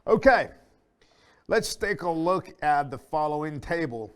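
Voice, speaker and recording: A male English teacher walks learners through grammar in a slow, deliberate way. His voice sits a little on the high side, and he repeats each example sentence so it sinks in. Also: animated, smooth. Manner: repeats example sentences slowly for learners, with fillers and self-corrections. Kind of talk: slow, deliberate lesson explanation.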